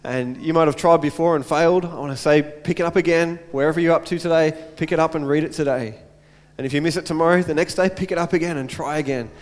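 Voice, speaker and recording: A man's voice: on the high side, fast talker, hardly any pauses, in a large hall. A man preaching a sermon as pastor, earnest, repeating phrases and asking rhetorical questions.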